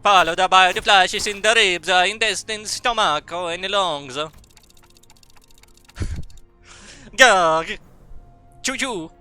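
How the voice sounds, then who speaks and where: A man's voice: high-pitched, drawn-out words, long pauses, bright, forceful tone, smooth, faint music behind. A young man streaming a game, reading its dialogue aloud with stumbles and silly asides.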